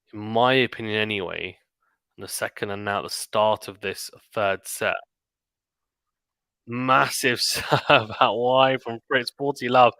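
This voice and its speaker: This is live tennis play-by-play from a British stream commentator whose lowish voice sounds bright and forceful. He calls rallies rapidly, then slips into relaxed, chatty remarks between points. The audio is close and dry with a clean tone and no echo.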